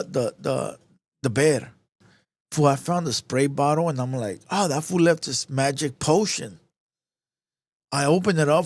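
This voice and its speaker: A man's voice: on the high side, dry recording. A man hosting a live show, telling a heated, profane story in casual street slang, repeating himself as he goes.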